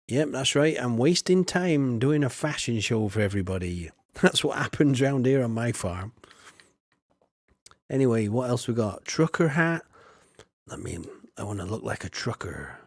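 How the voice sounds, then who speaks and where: A man's voice: medium pitch, normal speed, gravelly, a little mellow, dry recording, clean studio sound. A man, casually commenting while streaming a farming game, chatty and jokey as he reads chat aloud.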